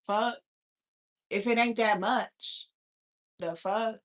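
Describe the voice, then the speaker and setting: Young woman from new york ranting on her live, swears nonstop, bright voice. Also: on the high side, slow. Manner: profane, animated, talks back to chat. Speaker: livestream host. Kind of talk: casual livestream rant.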